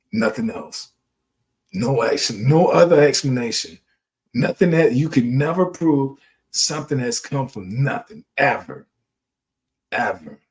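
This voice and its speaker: A man hosting his channel, delivering an impassioned, preachy monologue full of profanity and emphatic outbursts. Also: medium pitch. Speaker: channel host.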